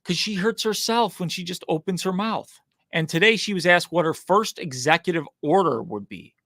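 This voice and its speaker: A man's voice: high voice, lively intonation, normal speed, a bit bright, dry recording, clean studio sound. A man hosting a casual political commentary show, mocking and sarcastic as he reacts to clips.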